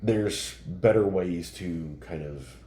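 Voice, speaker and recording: A man co-hosting a casual podcast chat, talking about himself in a halting, reflective way with many restarts. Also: sits low, warm tone. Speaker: podcast co-host. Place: bar room. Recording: roomy echo, faint background noise.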